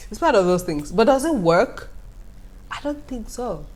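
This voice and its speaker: A young woman, telling stories to her viewers in a casual vlog with an animated, laughing manner. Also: mid-range voice, moderate pace. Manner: animated, laughing often, talking straight to viewers. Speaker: vlogger. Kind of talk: casual storytelling to camera.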